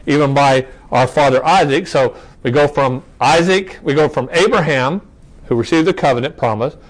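On a low-quality recording, a medium-pitched man teaches Bible study in a conversational way. He asks rhetorical questions, checks in with "okay?", and restarts phrases while reading verses aloud.

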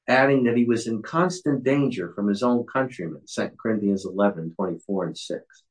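A man's voice: mid-range voice, normal speed, poor audio. A man leading a Bible study, explaining a passage in an earnest way with frequent restarts.

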